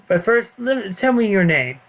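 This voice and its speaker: A man voicing a wisecracking, goofy male antihero in an amateur story reading, in a high, bouncy, playful voice. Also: big pitch swings, measured pace, vocal fry, a bit bright, full character voice. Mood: cocky.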